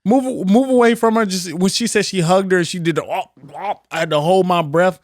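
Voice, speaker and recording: A young man with a slightly high voice co-hosts a casual podcast chat. He talks in an animated way, swears freely and slips into quick impressions of people. The sound is close and dry. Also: dry recording. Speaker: podcast co-host.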